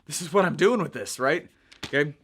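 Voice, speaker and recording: Young guy coaching online, high-ish voice, upbeat and chatty, keeps asking "right?". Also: a little fast, husky. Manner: energetic, chatty, frequent "right?" check-ins. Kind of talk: casual teaching monologue.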